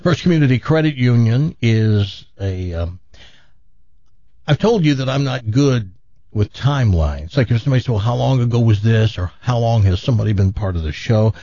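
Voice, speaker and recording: A man hosting a radio talk show, telling a long joke in a casual, animated way, his jaw sore after dental work. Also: medium pitch, moderate pace, dry recording, dull audio. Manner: animated joke-telling, laughs at own story.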